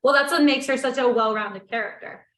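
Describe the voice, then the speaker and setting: A woman's voice: fairly high pitch, brisk, a bit bright, echoey room. A woman interviewing a guest, chatting casually with long, rambling questions.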